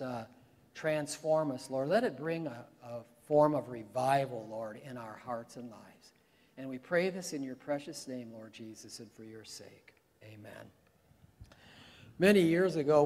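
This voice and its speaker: A man preaching a sermon, talking conversationally and rising to emphatic peaks. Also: medium pitch. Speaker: pastor. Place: church sanctuary. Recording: long hall reverb in a church.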